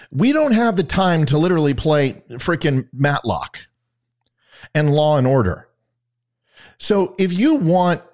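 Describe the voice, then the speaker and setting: A man hosting his own political talk podcast, speaking to listeners in a combative, conversational way. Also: mid-range voice. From Louisiana. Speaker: podcast host. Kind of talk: opinionated political talk show.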